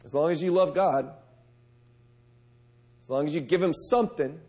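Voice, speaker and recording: A man preaching a sermon, talking to his listeners, asking them direct questions, and moving between loud emphasis and soft, gentle lines. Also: fairly high pitch, moderate pace. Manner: conversational, asks the audience direct questions.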